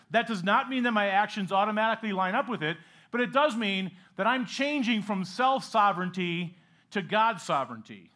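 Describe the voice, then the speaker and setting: A man's voice: high voice, bright, forceful tone. A man preaching a sermon as pastor, earnest, often asking rhetorical questions and acting out quoted speech with sarcastic emphasis.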